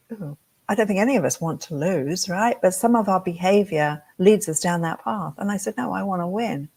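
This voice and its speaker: Woman telling an animated story. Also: fairly low pitch, moderate pace. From England. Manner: animated storyteller who acts out her own thoughts. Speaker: hair design educator. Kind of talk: motivational storytelling talk.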